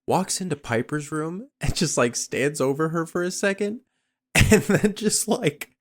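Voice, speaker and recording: Very deep-voiced woman podcast co-host. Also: lively intonation, measured pace. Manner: profane, laughing commentary. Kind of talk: casual movie recap chat.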